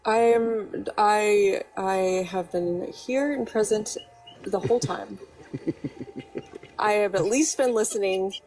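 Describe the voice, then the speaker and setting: A woman co-host talking in a friendly, halting way in a casual chat. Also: medium pitch, darkish tone, distant mic, low-quality recording.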